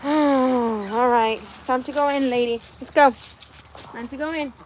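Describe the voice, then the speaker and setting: A woman's voice: high voice, steady tone, unhurried, slight background noise. A woman vlogging outdoors by her chicken coop on a phone camera, chatting and coaxing her birds inside. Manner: coaxing, talks to her animals. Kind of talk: casual vlog chat.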